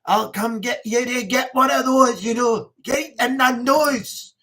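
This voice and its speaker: A woman putting on a rowdy Scottish pal who throws out cheerful insults. The put-on Scottish accent is pitched up and loud, and the lines drawl out slowly. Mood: mock-angry. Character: mock-angry Scottish mate bantering.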